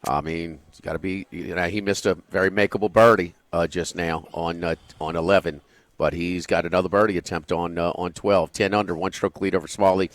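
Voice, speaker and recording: Sports radio host, male, deep and jokey, close dry studio mic. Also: steady tone, a little fast, no echo. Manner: teasing, jokey, loud bursts of laughter. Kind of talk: casual sports radio banter.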